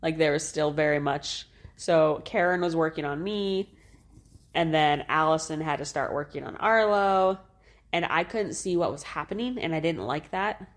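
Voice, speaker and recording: She's a podcast co-host in her thirties, casually telling a personal story with plenty of swearing and laughter. Her voice is low-pitched and her pace moderate, and she keeps things animated.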